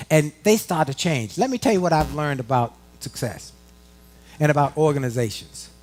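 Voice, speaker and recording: Middle-aged guy from washington doing a live pep talk to a work crowd, folksy, voice swinging up and down a lot. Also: on the high side. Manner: animated, folksy, talks straight to the audience. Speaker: motivational speaker. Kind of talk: live motivational speech. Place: conference room before a live audience.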